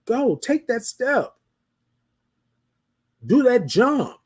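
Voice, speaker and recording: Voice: medium pitch, sing-song, very slow. A live-show host giving a motivational talk, repeating phrases and often asking listeners rhetorical questions. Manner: repetitive, preacherly, asks the audience rhetorical questions; addresses listeners as ladies and gentlemen.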